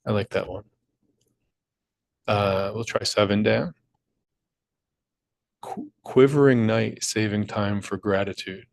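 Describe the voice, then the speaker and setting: A man's voice: fairly low pitch, slow pace, gravelly, pauses often, darkish tone, no room sound, low-quality recording. A young man patiently explaining crossword clues in a tutorial, with small slips and restarts. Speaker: crossword puzzle maker and teacher. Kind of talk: screen-recorded tutorial walkthrough.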